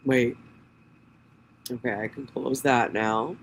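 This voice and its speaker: A man's voice: mid-range voice, steady tone, takes it slowly, a little hiss or hum, low-quality recording. A man, hosting his own channel, reading a police report aloud and breaking off for profane, sarcastic asides. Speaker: channel host.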